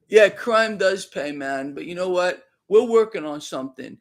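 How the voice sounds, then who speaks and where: A man's voice: high voice, expressive, moderate pace, few pauses. A man talking fervently on a live stream, emphatic and repeating himself. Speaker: online commentator.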